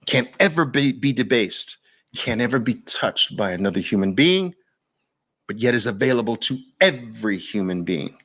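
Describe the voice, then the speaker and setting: A man's voice: medium pitch, lively intonation, moderate pace, a bit bright. A man with a New York accent hosting an impassioned monologue, preaching fervently in repeated rhetorical questions and lists. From Brooklyn. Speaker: host.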